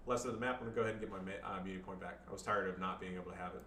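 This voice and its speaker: A man's voice: low voice, fairly even intonation, racing, bright, forceful tone. Casual joking man in an echoey room. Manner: joking, loose, swears, fillers like "you know". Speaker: gamer commentating own match. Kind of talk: casual gameplay commentary. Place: home room with family around. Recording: echoey room, far-off mic, background noise.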